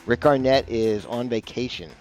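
A man's voice: medium pitch, normal speed, a little mellow, soft background music. A man hosting a casual morning golf radio show, rambling and chatty with self-deprecating asides, on a broadcast mic. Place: broadcasting from a bar.

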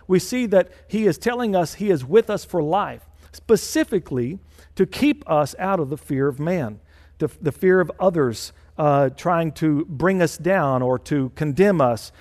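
A male senior pastor delivers a sermon with a fairly high voice, pressing his points home and repeating phrases for stress. His voice carries a long reverb, as if in a church hall. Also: darkish tone.

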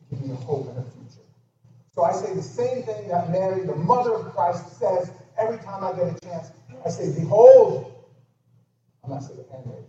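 Echoey preacher man swinging loud to hushed. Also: fairly high pitch. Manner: emphatic, swinging from loud exclamations to hushed near-whispers. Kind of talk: sermon. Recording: echoey hall, distant dull mic with noise.

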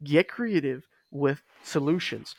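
A man's voice: a little high, lively intonation, takes it slowly, creaky, a little mellow. A man co-hosting a casual fitness podcast, talking with emphasis and repeating his key points. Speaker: podcast co-host.

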